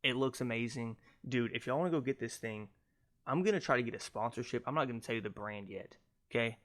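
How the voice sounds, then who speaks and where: A young man hosting his own podcast on a cheap mic, ranting loudly and mockingly with lots of swearing. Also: mid-range voice, fast talker. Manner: loud, mocking, profane ranting. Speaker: podcast host. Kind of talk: casual ranting monologue. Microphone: cheap USB podcast mic.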